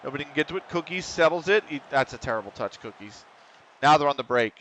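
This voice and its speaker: Bright, forceful and on the high side, his voice carries an excitable, swear-prone commentary on a football management game streamed live. He talks directly to the players on screen, and there's a little hiss or hum in the audio.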